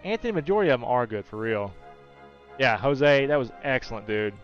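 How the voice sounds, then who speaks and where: With big pitch swings and a brisk pace, a mid-range-voiced man hosts a gaming livestream, reading viewer comments aloud and chatting warmly with regulars by name. Soft background music plays and the highs are cut off.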